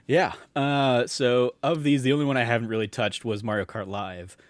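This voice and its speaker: A man's voice: mid-range voice, steady tone, normal speed, no room sound. A young man co-hosting a podcast, chatting casually and rambling with many fillers and restarts. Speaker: podcast co-host. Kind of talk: casual chat.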